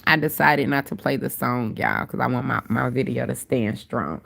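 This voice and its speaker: Low, gravelly woman with a stuffy nose. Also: expressive, normal speed, a bit bright. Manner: chatty, addresses viewers as "y'all" and "baby". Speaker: livestream host. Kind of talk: casual livestream chat.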